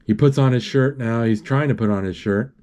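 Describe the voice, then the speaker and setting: A man retelling a film scene by scene in an unscripted, halting way, with many restarts and spoken sound effects. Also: mid-range voice, darkish tone.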